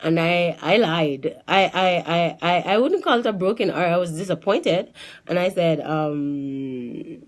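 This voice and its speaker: A woman giving a personal testimony in a lively storytelling way, often restarting her sentences and acting out what others said. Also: lowish voice, measured pace.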